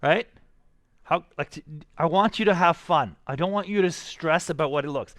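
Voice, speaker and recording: An energetic male art teacher who talks his students through a live drawing demonstration. His voice sits a little high, and the recording is close and dry with no room sound. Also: normal speed, no room sound.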